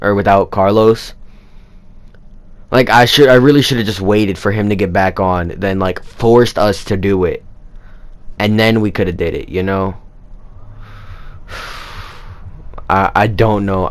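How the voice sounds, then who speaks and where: Young man rambling through a story. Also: on the low side. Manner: rambling, animated retelling with many fillers. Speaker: vlogger. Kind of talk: casual storytelling.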